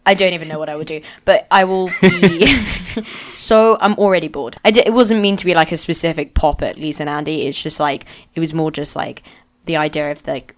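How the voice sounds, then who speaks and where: Low-voiced sarcastic woman. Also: moderate pace. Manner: sarcastic, rambling with many fillers. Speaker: podcast guest. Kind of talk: casual political chat.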